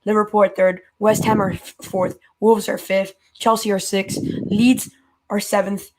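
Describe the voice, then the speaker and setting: A man's voice: high-pitched, flat delivery, a little slow, noisy background. A man calling in to a fan show, ranting in an exasperated way, his voice jumping up when he gets worked up. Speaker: caller.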